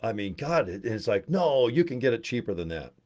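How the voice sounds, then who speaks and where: A man rambling and joking on a livestream, swearing freely and telling animated stories. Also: medium pitch, fairly quick. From Utah. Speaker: network marketing presenter.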